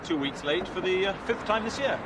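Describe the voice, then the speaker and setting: A flustered young auctioneer who swings between polite and sarcastic, his voice fairly high and very lively. The film clip carries loud street and traffic noise behind him. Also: a little fast. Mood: exasperated. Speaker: film character.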